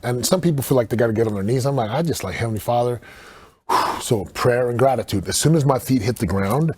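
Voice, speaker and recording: A man speaking as a podcast guest, telling stories in an earnest, animated way and acting out quotes. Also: mid-range voice, fast talker, slightly rough, no room sound. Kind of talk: casual podcast conversation.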